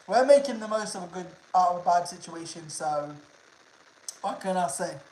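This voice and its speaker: A man's voice: high voice, animated, normal speed, a little mellow, a little hiss or hum. A young man from the United Kingdom, chatting casually with his livestream viewers, swearing freely and repeating himself. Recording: roomy echo.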